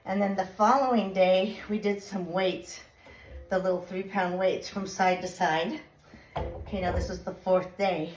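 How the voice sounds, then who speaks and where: A woman's voice: lowish voice, fairly even intonation, unhurried, a little mellow. A woman fitness instructor coaching a workout while riding a stationary bike, a little out of breath, giving encouraging step-by-step cues. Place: home exercise bike. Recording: echoey room.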